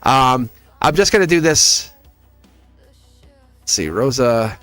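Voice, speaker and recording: A man hosts a live-streamed tarot reading in a chatty, animated voice of ordinary pitch. He laughs often and speaks straight to his viewers. Faint music plays behind him. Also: slow pace, no room sound.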